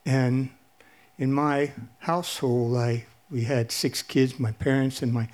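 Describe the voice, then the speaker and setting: An older man in his seventies telling a personal story at a live event, halting and low-key with many pauses. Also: steady tone, darkish tone.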